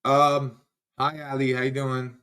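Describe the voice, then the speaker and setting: A man's voice: medium pitch, completely flat delivery, unhurried, pushed and bright, smooth. A man hosting a casual livestream, greeting viewers by name in a loose, chatty way and often trailing off. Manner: laughs easily, trails off and restarts. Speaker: livestream host. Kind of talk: casual live-stream chat.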